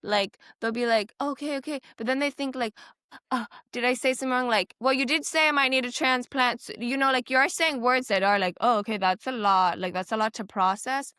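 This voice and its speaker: Young woman guest, bright clear tone, close dry sound, teary but animated, chatty fillers. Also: a little high, fairly quick, few pauses, no echo. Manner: tearful, animated, many "like" fillers, acts out quoted doctors. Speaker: guest, heart patient. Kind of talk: emotional conversational interview.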